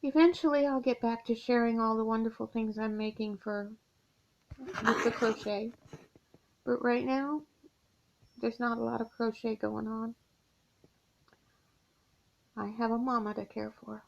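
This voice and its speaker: Slow gravelly-voiced woman, weary and heartfelt. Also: on the high side, steady tone. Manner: weary, heartfelt, slow confiding talk with sighs. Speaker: crochet vlogger caring for her mother. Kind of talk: personal confessional vlog. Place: guest room at her mother's house. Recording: dull lo-fi home recording.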